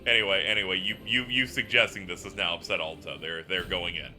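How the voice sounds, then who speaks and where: A man chatting casually on a livestream, telling stories with animated quoted voices. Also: low voice, a little fast. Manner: animated storytelling, acts out quotes. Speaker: streamer.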